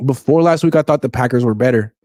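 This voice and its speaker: Male sports talk co-host, mid pitch, dry close mic, animated teasing delivery. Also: quick pace, no echo. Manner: reads chat questions aloud, animated and teasing. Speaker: podcast co-host reading viewer comments.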